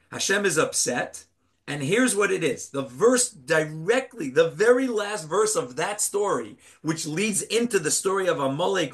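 A man giving a Torah class, telling a parable with animated storytelling and rhetorical questions. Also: fairly high pitch. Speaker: rabbi teaching Torah.

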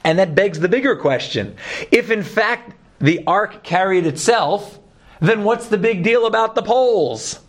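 A man with a Brooklyn accent teaching a Torah class, lively, joking and putting questions to his students. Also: high-pitched, measured pace.

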